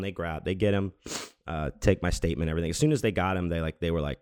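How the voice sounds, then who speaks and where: Deep-voiced man telling a rambling story. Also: fast, darkish tone, clean tone, no echo, studio quality. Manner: rambling, frequent restarts and fillers, swears freely. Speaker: podcast host. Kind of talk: casual storytelling monologue.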